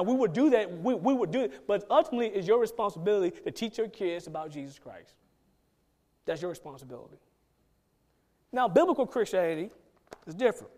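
A man's voice: sits high, a little mellow. A man preaching a sermon as pastor, emphatic and conversational, acting out quotes from his congregation.

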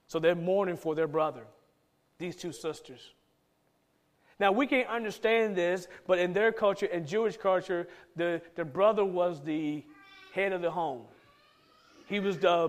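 A man preaching a sermon in a church, talking with emphasis and repeating key lines for stress. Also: high voice.

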